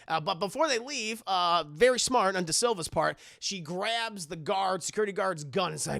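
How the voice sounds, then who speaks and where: A man recapping a horror movie in a casual live stream, animated, rambling and profane. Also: high voice, normal speed, gravelly, hardly any pauses, no echo, studio quality.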